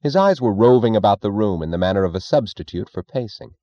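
Deep-voiced male audiobook narrator. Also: animated, fast, mellow, no echo, lo-fi sound. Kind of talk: scripted narration.

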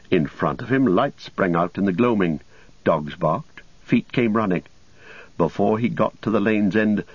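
A man giving scripted audiobook narration in a measured storytelling manner. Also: low voice, slightly rough, no room sound. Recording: dull lo-fi recording.

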